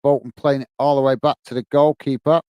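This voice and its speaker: Smooth-voiced Northern Irish man calling football. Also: medium pitch, level tone, a little fast, dry recording, highs cut off. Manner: friendly and chatty, often says "mate" while reading viewer comments. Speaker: host of a football watch-along stream. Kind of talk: live play-by-play commentary with chat.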